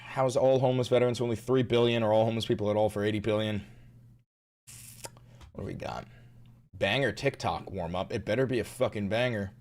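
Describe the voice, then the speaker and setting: A man hosting a live stream, ranting about politics with heavy swearing and sudden shouts. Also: fairly low pitch, brisk, long pauses. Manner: profane, ranting, bursts into shouting. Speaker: livestream host.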